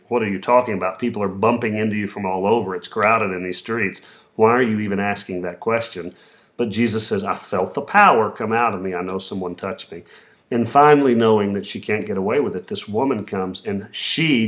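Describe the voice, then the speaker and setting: A man preaching a sermon, retelling the story in his own words with voiced quotes and a few restarts. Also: fairly low pitch. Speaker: pastor.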